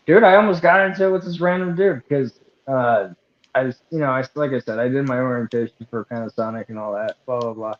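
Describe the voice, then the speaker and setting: A man's voice: medium pitch, brisk, lo-fi sound. A man co-hosting a casual podcast, telling a loose, rambling, profane story with lots of fillers. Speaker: podcast co-host. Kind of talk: casual chat.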